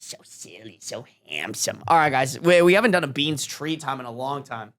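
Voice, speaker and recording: A male live streamer chats casually from home, his voice leaping up and down in lively swings. He slips into cooing baby talk for his cat and swears freely. The voice sits in the middle of the pitch range, neither high nor low. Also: normal speed, dry recording, clean studio sound. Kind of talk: casual livestream chat.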